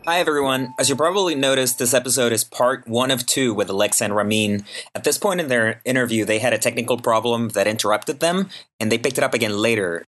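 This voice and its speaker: A man giving a short scripted announcement for the show in a plain, brisk way. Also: medium pitch, fairly bright tone, a little hiss or hum. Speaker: show host or producer.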